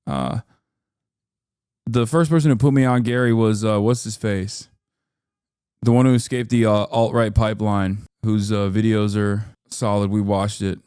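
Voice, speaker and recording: A man's voice: on the low side, steady tone, normal speed, a little mellow, smooth, no room sound, studio quality. Emphatic, profane male streamer. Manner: emphatic and profane, voice jumping up when riled. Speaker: streamer reacting to a video. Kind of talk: live-stream reaction commentary.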